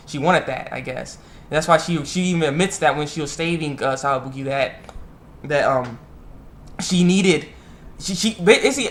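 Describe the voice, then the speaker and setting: A young man casually recapping an anime episode, animated and jumping into quick voices for the characters' lines. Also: fairly high pitch, a little hiss or hum. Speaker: anime reviewer.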